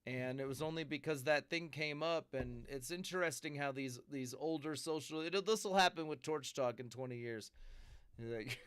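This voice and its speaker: Male podcast host, laid-back and slangy, smooth tone, dry sound. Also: mid-range voice, fairly bright tone, no room sound. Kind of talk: casual chat.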